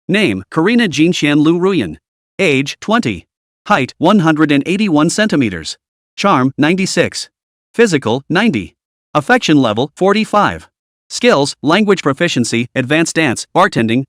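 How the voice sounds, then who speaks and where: A man reading a scripted story recap as narrator, keeping an even storytelling read. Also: on the high side, dry recording, studio quality.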